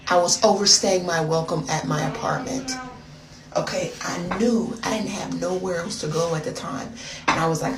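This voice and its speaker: A woman's voice: lowish voice, steady tone, normal speed, roomy sound, recorded from a distance, crowd noise. An American woman telling a dramatic, gossipy story straight to her viewers in a casual storytime vlog. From United States. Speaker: storyteller vlogger.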